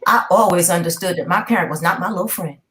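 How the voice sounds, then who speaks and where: Middle-aged New York woman, lower voice, emphatic storyteller in a casual chat. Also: fast talker, fairly bright tone. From New York, with Southern roots. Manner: emphatic storyteller, rhetorical "okay?". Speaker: guest.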